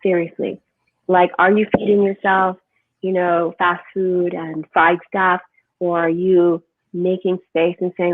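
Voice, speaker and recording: A woman speaking as a holistic health guest in an animated, emphatic conversational interview, often asking "right?". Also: lowish voice, unhurried, no room sound. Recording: tinny phone-like line, dry.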